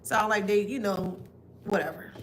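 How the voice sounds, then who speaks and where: A woman's voice: mid-range voice, moderate pace, a little hiss or hum. A woman giving a casual spiritual reading to her viewers, blunt and emphatic, with mocking asides.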